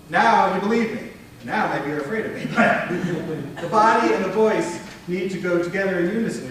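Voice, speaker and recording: A man leading a conference workshop on public speaking, talking in a conversational, animated way to an audience. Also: a little high, recorded from a distance, slight background noise. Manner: conversational, animated, demonstrates tones with his voice. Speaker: workshop presenter. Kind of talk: conference breakout talk. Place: conference room before an audience. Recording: very echoey room recorded from afar.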